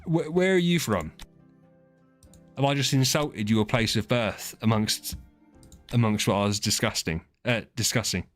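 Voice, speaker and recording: A man's voice: mid-range voice, measured pace, faint music behind. A man from England, streaming and chatting casually with his viewers in a teasing, rambling way. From southern England. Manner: chatty, teasing, frequent restarts and laughs. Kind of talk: casual chat with chat readers.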